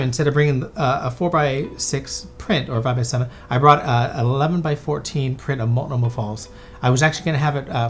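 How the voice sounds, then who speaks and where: A man in his thirties, a photographer and podcast host, telling a story in a casual, chatty way with many fillers and restarts. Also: mid-range voice.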